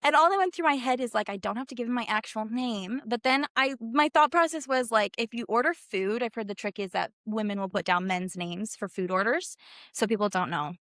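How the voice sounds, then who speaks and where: A woman's voice: on the high side, fairly quick, fairly bright tone, no echo, studio quality. A young woman from Canada co-hosting a casual chat podcast, telling stories animatedly and acting out the quotes with laughter. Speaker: podcast co-host.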